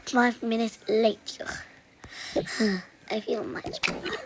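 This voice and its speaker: Woman, role-play storytelling, sighing, half-whispered, very slow, hissy recording. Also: fairly high pitch, steady tone. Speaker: channel host. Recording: noisy, hissy home recording.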